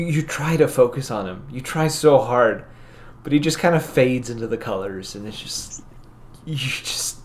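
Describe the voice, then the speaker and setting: A man running a tabletop game as game master, narrating scenes in a relaxed, rambling way. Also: medium pitch. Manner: relaxed, rambling descriptions with laughs.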